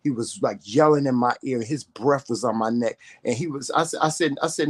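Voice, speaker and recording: A man's voice: medium pitch, fairly quick, hardly any pauses. A man vlogging to camera, telling a story in a profane, confrontational rant full of emphatic repetition.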